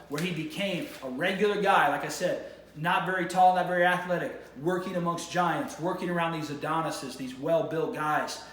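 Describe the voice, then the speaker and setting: Excitable man vlogging in a roomy space. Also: fairly high pitch, a little hiss or hum. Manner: enthusiastic, rambling with frequent restarts. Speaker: vlog host. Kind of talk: casual to-camera monologue. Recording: roomy echo with faint ambience.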